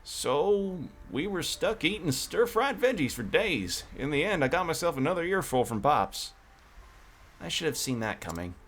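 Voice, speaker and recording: A man's voice: fairly high pitch, sing-song, normal speed, fairly bright tone. A man voicing a cheerful male cowboy merchant from a game, in a put-on country drawl. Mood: folksy. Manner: folksy storytelling.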